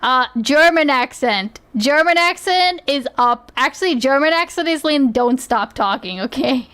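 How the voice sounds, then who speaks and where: High-voiced chatty woman streamer. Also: lively intonation, measured pace, a bit bright. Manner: chatty, laughs often, fillers and restarts, asks okay a lot. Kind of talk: casual reaction commentary.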